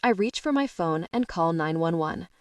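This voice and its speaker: Woman narrating romance, low and intimate. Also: animated, moderate pace, no room sound, clean studio sound. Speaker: audiobook narrator. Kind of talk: first-person romance narration.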